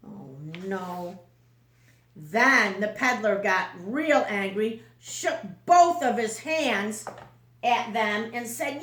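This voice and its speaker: Teacher lady reading a kids book real slow, asks the class stuff, kinda high voice. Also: expressive, a bit bright, echoey room. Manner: slow, questioning storytime delivery. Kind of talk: reading a picture book aloud to children.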